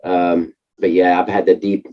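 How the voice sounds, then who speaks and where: A hoarse middle-aged man co-hosting a casual chat, halting often with fillers. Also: deep voice, little pitch movement. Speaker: co-host. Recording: muffled lo-fi audio.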